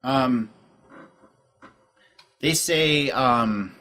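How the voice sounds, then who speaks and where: A man's voice: mid-range voice, drawn-out words, pushed and bright. A man narrating a tabletop game as game master, in loose, rambling narration.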